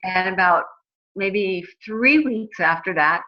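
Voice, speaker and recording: A woman's voice: medium pitch, animated, slow pace. A woman in her forties, telling her own story in a chatty way, with many fillers and restarts. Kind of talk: casual personal testimonial. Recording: dull lo-fi recording.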